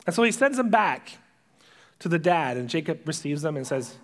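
Animated high-voiced male preacher. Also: moderate pace. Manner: animated storyteller acting out characters' lines. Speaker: pastor. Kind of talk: sermon retelling a Bible story.

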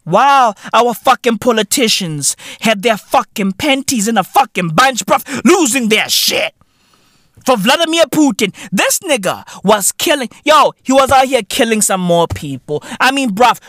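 A man's voice: very high-pitched, expressive, unhurried, fairly bright tone, no room sound, clean studio sound. A man from South Africa hosting a podcast, delivering a profane, comedic rant full of slang. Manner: profane, ranting, heavy London-style slang. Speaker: podcast host.

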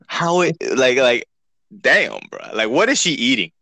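A man's voice: mid-range voice, big pitch swings, measured pace, pushed and bright, no echo. A man co-hosting a podcast in casual chat, swearing a lot and laughing often. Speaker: podcast co-host.

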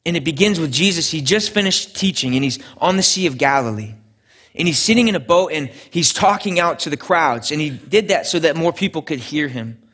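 A man's voice: a little high, lively intonation, a little fast, a bit bright, slightly rough. A young adult man, a pastor, preaching a sermon in an earnest storytelling way with frequent restarts.

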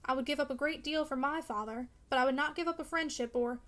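A woman reading the part of an earnest young woman who speaks with sorrowful gentleness. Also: sits high, quick pace. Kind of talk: audiobook character reading.

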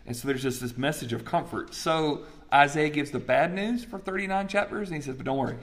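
A man teaching a Bible study class in a lively, chatty way, asking the group questions. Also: a little high, fairly quick.

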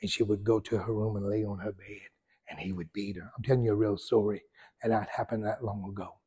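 A male pastor, preaching a sermon and telling a story with sudden loud surges and hushed drops. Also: on the low side, fairly even intonation, brisk, slightly rough.

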